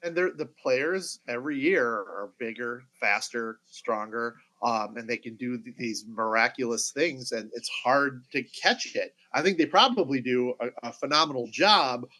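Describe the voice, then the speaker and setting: Middle-aged guy on a sports pod, bright voice, lots of uhs and restarts, easygoing chat. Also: mid-range voice, rough recording. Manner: halting, many fillers and restarts. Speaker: podcast co-host.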